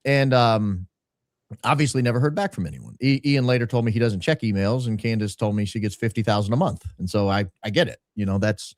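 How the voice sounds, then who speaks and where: A man's voice: lowish voice, dry recording, studio quality. Emphatic talkative guest man. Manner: emphatic, talkative storyteller with brisk asides. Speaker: podcast guest. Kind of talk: casual interview storytelling.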